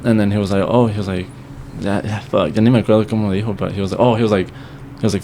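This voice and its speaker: A man's voice: lowish voice, steady tone, very fast, few pauses, mellow, slight background noise. A young man talking as a podcast guest, telling a story in casual chat, swearing freely and dropping Spanish phrases into his English.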